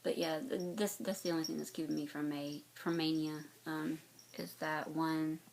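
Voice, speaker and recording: Rambling woman vlogger with a mild Southern accent, slightly low and gravelly voice, faint hiss behind. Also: flat delivery, moderate pace, a little mellow, low-quality recording. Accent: light North Carolina Southern. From North Carolina, US Southeast. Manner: rambling, many fillers and restarts. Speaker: cross-stitch vlogger. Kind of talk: casual chat to camera.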